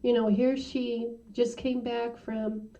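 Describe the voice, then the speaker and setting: Woman guest, slow and mellow, sharing a testimony; distant, muffled mic. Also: fairly high pitch, flat delivery. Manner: halting, many "you know" fillers. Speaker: interview guest. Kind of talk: personal testimony.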